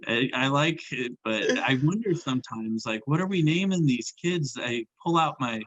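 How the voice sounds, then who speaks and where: A young man who teaches, doing a stand-up comedy set, halting and self-deprecating, stumbling over restarts and laughing at his own lines. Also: mid-range voice, animated, fairly bright tone, no room sound, highs cut off. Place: comedy club stage with audience laughter.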